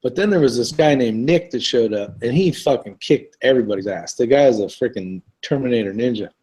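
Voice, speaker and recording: A man's voice: medium pitch, fairly quick, low-quality recording. A man hosts a laid-back online group chat with an everyday mid-range voice. He rambles between thoughts and laughs easily, keeping things casual. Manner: relaxed, rambling, laughs often. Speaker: host of an online live chat show.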